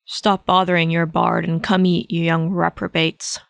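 A woman reading a fan story aloud, voicing a gruff, exasperated, fatherly older male mentor in a low, grumbling tone. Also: flat delivery, normal speed, no room sound.

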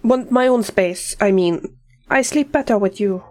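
A woman doing a soft-spoken young male monster hunter. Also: medium pitch, a little slow, close to an everyday voice. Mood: earnest. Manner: soft, hesitant and sincere.

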